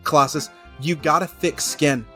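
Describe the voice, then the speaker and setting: A man voicing a calm older male mentor acting as a therapist, speaking in a coaxing, patient way. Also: on the high side, normal speed, faint music behind. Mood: soothing.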